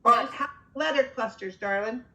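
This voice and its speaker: A woman's voice: fairly high pitch, moderate pace, sharp tone. A woman modeling a phonics lesson, coaxing a partner along and checking in often.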